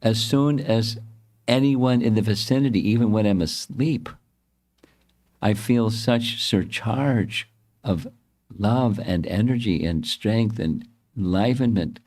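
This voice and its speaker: A man voicing a young married goddess who longs tearfully for her parents, in a softer, plaintive tone. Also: lowish voice, slow. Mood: eager, pleading.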